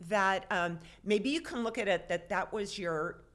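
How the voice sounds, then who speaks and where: A middle-aged woman with a mid-pitched voice co-hosts a casual podcast chat. She speaks in a motherly, reassuring way and reaches for homespun sayings. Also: a little slow, fairly bright tone. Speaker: podcast co-host.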